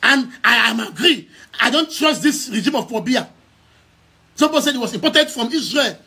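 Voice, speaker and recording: Speaking on a live stream to his followers is a young Cameroonian-accented activist from Southern Cameroons who heads a news outlet. His very high-pitched voice is animated, sharp and slightly rough, moving at a moderate pace. He is emphatic and repetitive, hammering key phrases and restarting his words with frequent stammers.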